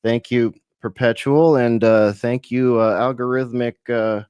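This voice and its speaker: A man's voice: medium pitch, fairly even intonation, measured pace, darkish tone, smooth, no room sound, clean studio sound. A man from California hosting a live-streamed radio show, rambling casually with lots of fillers and the odd swear.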